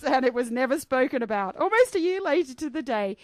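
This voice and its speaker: A woman guest narrating a ghost story for a comedy radio show, lively and often laughing. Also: sits high, brisk, dry recording.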